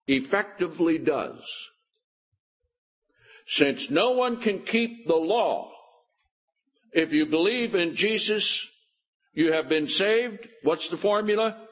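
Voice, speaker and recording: Slow husky preacher, dull recording. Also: male voice, on the high side. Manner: emphatic, with sarcastic rhetorical questions. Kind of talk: Bible teaching sermon.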